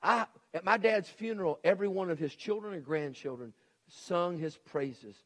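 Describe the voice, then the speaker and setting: A middle-aged man delivers a sermon in a folksy, emphatic style. His voice sits a little higher than most men's, and he keeps circling back to hammer his point, slipping into the voices of the people he quotes. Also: moderate pace, a bit bright. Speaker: preacher and educator.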